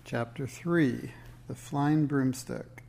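Man reading a storybook, gravelly voice. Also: mid-range voice, a little hiss or hum. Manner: steady, measured storytelling. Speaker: narrator. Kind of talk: reading a children's book aloud.

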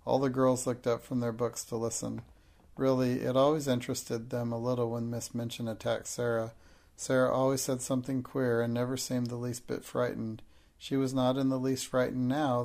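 A man narrates a classic novel as an audiobook in a steady, measured way. His voice is gravelly with fry and keeps a fairly flat pitch. The reading is unhurried and even.

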